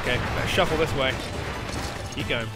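A man giving let's play commentary, excitable and yelping in panic between dry asides. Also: mid-range voice, normal speed. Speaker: gaming channel host. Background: game music.

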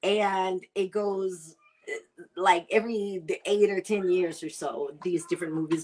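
A woman food vlogger chatting casually while she prepares and tastes seafood, savoring and drawn-out in her talk. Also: on the low side, fairly even intonation, darkish tone. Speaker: cooking vlogger. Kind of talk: casual chat while cooking.

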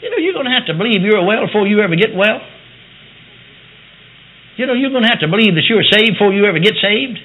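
A man preaching a sermon testimony, animated, moving between quiet asides and loud declarations. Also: sits high, fast talker, long pauses, narrow, tinny audio. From United States.

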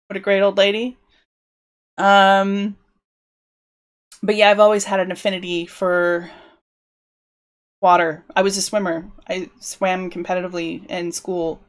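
A woman's voice: mid-range voice, steady tone, measured pace, long pauses. A woman live-streaming as she builds a tabletop game world, musing aloud in a rambling, self-interrupting way. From United Kingdom. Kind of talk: casual thinking-aloud livestream.

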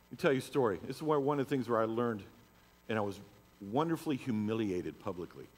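A man's voice: mid-range voice, lively intonation, fast talker. Middle-aged male pastor, storytelling sermon voice, reverberant church hall. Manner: storytelling, rising to emphatic preaching. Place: church sanctuary.

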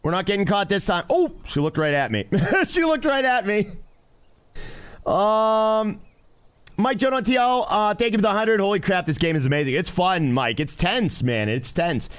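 A man giving live gameplay commentary as a streamer, excitable and constantly talking to his chat. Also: sits high, moderate pace, clean tone. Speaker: game streamer.

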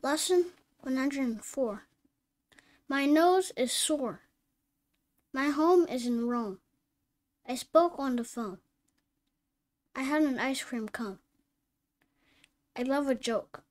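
A woman teaching a phonics reading lesson, reading word lists and simple sentences one at a time, sometimes correcting herself. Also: high voice. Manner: reads each word slowly and distinctly, self-corrects.

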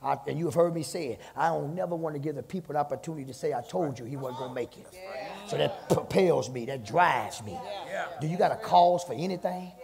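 A male pastor preaching a sermon, swinging from low talk to fervent shouted passages, recorded in a church. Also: fast talker, vocal fry, crowd noise. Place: church sanctuary with long reverb. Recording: hall reverb.

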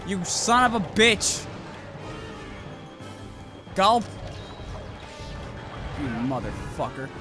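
A man giving profane, excitable commentary while playing a video game, yelling at the monsters. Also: high voice, drawn-out words, long pauses. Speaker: let's play gamer. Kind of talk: gameplay commentary. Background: game music.

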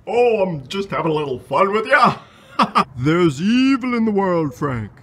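A man's voice: high-pitched, big pitch swings, unhurried, fairly bright tone, husky. A man playing a chatty, teasing God in a comedy sketch, talking in a folksy way. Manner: folksy, teasing, breaks into laughs. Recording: noisy background.

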